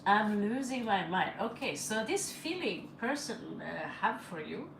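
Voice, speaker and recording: A woman's voice: mid-range voice, very animated, a little slow. A woman who does not speak English as her first language, chatting and laughing as she reads tarot cards aloud on a live stream, in slightly broken English. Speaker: tarot reader. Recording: echoey room with faint ambient noise.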